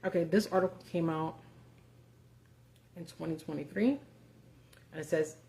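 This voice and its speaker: A woman with a low, mellow voice hosts a live stream. She talks off the cuff, profane and sarcastic, with plenty of ums and likes as she reads things out. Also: normal speed, creaky. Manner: casual and profane, sarcastic asides, many fillers. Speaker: host of a live video. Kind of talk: casual live-stream commentary.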